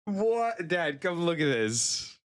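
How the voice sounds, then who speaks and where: Male streamer, casual live chat, very unhurried delivery, playful and cooing. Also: medium pitch, a bit bright. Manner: playful, coos over pets in baby talk.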